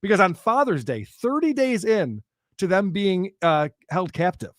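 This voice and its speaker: A man co-hosting a podcast, telling a true crime story in an animated, joking way and laughing often. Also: sits high, a little slow, dry recording, studio quality. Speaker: podcast co-host. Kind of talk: casual storytelling chat about true crime.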